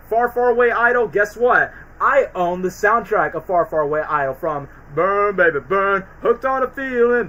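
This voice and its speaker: A man's voice: sits high, sharp tone, low-quality recording. A young man hosting a casual livestream, rambling in slangy speech full of "like" and "bro". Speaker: streamer host.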